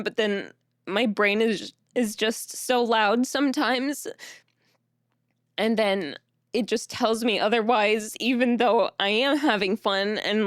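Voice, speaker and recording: A young woman streamer talks to her chat in a slow, unhurried way, her voice sitting a little high. She rambles softly through self-doubt, tearful, with nervous little laughs. The sound is close and dry. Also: no room sound.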